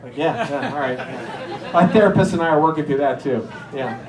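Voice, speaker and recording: A middle-aged man from Erie, Pennsylvania, telling stand-up stories and acting out the people in them with sudden jumps in pitch. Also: moderate pace, roomy sound, a faint crowd, poor audio. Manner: animated, acts out characters with jumps in pitch. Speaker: stand-up comedian. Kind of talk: stand-up storytelling.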